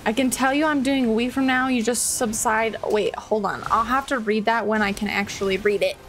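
A woman game streamer chatting casually with her viewers while she plays, laughing often and reacting loudly to the game. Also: fairly high pitch, steady tone, brisk, slight background noise. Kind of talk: casual live-stream chat while gaming.

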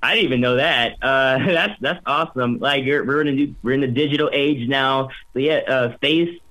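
An upbeat young man talks casually in an interview about his voice work. He rambles, restarting phrases and filling gaps with "um" and "like". His voice sits at an ordinary middle pitch. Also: moderate pace, pushed and bright, rough recording. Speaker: voice actor guest.

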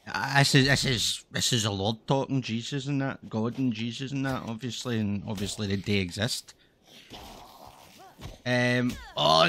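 Streamer, sweary, loose and rambling, average pitch. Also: male voice, moderate pace, a bit bright. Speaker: game streamer. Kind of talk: casual gaming commentary.

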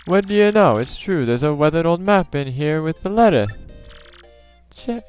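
A man voicing a cheerful younger brother of the hero with a put-on accent, excited as he calls out. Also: on the high side, moderate pace, soft background music, pitched above the performer's own voice.

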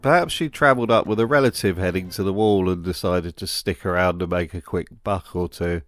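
A man's voice: low voice, a little fast, faint music behind. A man narrating a wry commentary voice-over in a dry, sardonic manner. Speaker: video narrator.

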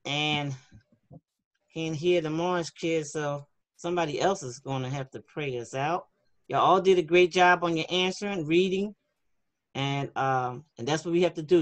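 A woman leading a children's class over a video call, chatty and encouraging as she reads the chat aloud. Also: sits low. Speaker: online youth class leader. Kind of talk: casual online class for kids.

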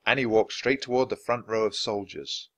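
A man narrating a children's storybook aloud, expressive and switching voices for each character. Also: lowish voice, moderate pace. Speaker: audiobook reader.

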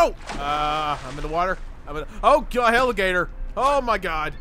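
Excitable high-voiced young man gaming. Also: normal speed, slight background noise. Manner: excitable, yelping and laughing often. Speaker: gaming channel host. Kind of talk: let's play commentary.

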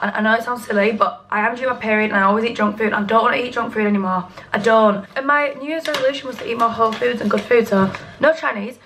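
A woman's voice: fairly high pitch, fairly even intonation, fast, few pauses, sharp tone. A young woman vlogging casually to camera, chatty, blunt and sweary, laughing easily. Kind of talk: casual vlog chat to camera.

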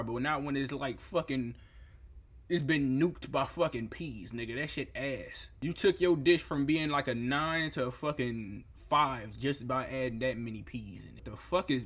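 A young man reviewing food photos in a comedic reaction rant, incredulous and profane, breaking into loud outbursts. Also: on the high side.

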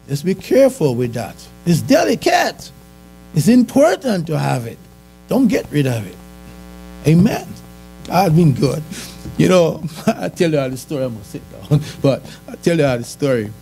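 A man's voice: on the high side, dark tone. A man giving a conversational church sermon, asking the congregation questions and chuckling. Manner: conversational, chuckling, asks the audience. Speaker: church speaker. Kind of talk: sermon testimony.

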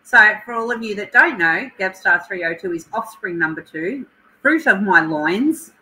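Chatting emotionally with live viewers from her home, a middle-aged Australian woman greets them by name. She speaks at normal speed in a medium-pitched, pushed and bright voice with lively intonation, captured in a rough recording.

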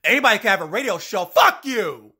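A man's voice: high voice, expressive, a little fast, pushed and bright, husky. A man delivering an angry, profane, sarcastic rant as a wrestling fan vlogger, coughing now and then. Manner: sarcastic, mocking, swears a lot; coughs between phrases.

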